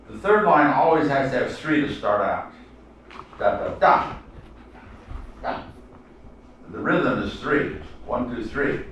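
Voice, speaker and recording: A man teaching a seminar class in a halting lecture style, full of fillers and restarts. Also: mid-range voice, a bit bright, a little hiss or hum. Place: seminar room. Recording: echoey room, mic far off.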